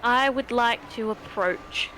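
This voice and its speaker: A woman playing a tabletop game, sometimes speaking gently and motherly in character. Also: a little high, slow. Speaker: player. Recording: faint background noise.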